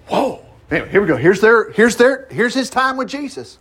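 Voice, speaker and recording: With an extremely high, fairly bright voice that has a breathy edge and big pitch swings, this pastor talks at normal speed. He reads scripture aloud in an informal Bible study sermon and riffs on it folksily, with asides.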